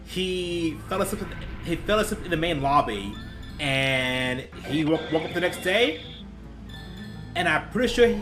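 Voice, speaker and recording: A young man and gaming YouTuber telling stories casually, rambling and laughing at his own tales, with faint music behind him. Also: fairly high pitch. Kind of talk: casual storytelling while playing.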